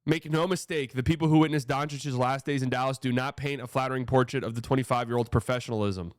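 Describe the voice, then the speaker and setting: A man's voice: medium pitch, fairly even intonation, fast, no echo. A man hosting a casual sports reaction show, talking in a loose, profane, rambling way.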